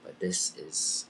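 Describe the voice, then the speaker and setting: A man's voice: sits low, pushed and bright, slight background noise. Gushing young man hosting a psychic circle. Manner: effusive and emotional, giggly. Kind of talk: live-stream group session.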